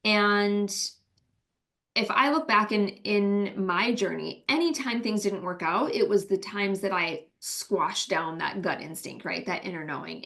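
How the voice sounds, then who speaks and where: A woman's voice: mid-range voice, fairly bright tone. A middle-aged woman, a business coach and co-founder, giving earnest, reflective interview answers and often checking in with "right?".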